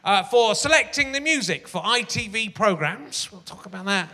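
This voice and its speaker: Bright high-voiced man hosting on stage. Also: expressive, moderate pace. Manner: rambling, self-mocking, lots of fillers and restarts. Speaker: host of a live comedy talk show. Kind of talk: stand-up style chat on stage. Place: large theatre stage before a live audience. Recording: long theatre reverb.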